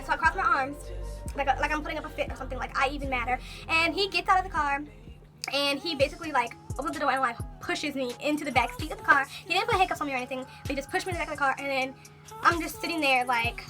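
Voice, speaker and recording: A young woman vlogger telling a personal story in a casual, animated way, full of fillers and quoted thoughts. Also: high voice, over music. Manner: animated, talks fast with many fillers.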